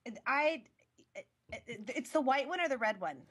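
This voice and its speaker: A woman's voice: high voice, animated, moderate pace, fairly bright tone, slightly rough. A woman on a car podcast panel, answering with hesitant restarts and laughs. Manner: hesitant, giggly. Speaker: panelist, article editor. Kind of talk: casual panel chat.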